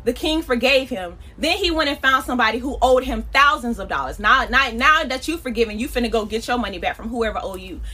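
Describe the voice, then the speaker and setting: A woman preaching a casual podcast sermon in a high, bright voice. She is emphatic and conversational, with slangy turns of phrase. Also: expressive, brisk, few pauses.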